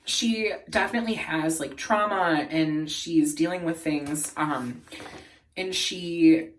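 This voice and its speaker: A man vlogging in a casual, earnest and emotional way, laughing softly as he talks. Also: fairly high pitch, a little slow, far from the mic. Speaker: beauty and lifestyle vlogger. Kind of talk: casual chat.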